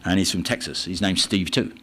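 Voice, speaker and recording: An English man speaking at a recovery meeting, telling his personal story in a halting way with many restarts and fillers. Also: low voice, steady tone, fairly bright tone, a little hiss or hum.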